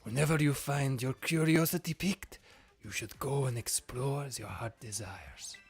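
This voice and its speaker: A man voicing a suave male professor from a video game in a put-on Spanish accent, reading the lines slowly and dramatically. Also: mid-range voice, breathy edge. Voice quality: mock Spanish accent, dramatic slow delivery. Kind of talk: game dialogue read in a put-on voice.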